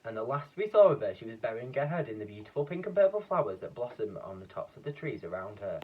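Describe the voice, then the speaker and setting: A man reading a children's book aloud in a lively, expressive way, with a few slips and restarts. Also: medium pitch, fast. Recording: dull, distant lo-fi recording.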